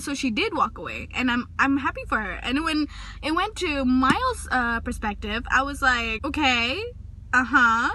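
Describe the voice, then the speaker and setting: A young woman casually reviewing a book in a vlog, talking emotionally and gushing, recorded on a phone in a parked car. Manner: gushing and emotional, pitch jumping up when excited. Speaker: vlogger.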